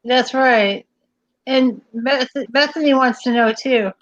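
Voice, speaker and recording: A woman's voice: sits high, slow, no echo, lo-fi sound. A woman chatting casually on a livestream, playful and jokey, reciting bits of old comedy routines.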